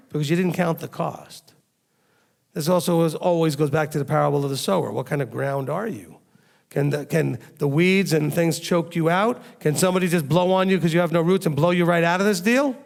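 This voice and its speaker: High, gravelly-voiced male preacher. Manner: emphatic, fires rhetorical questions at listeners. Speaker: rabbi teaching a congregation. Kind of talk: sermon.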